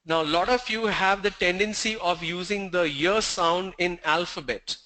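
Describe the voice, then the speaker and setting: A man teaching pronunciation, slowly demonstrating sounds with repeated example words. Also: sits high, pushed and bright, rough recording. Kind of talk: classroom pronunciation lesson.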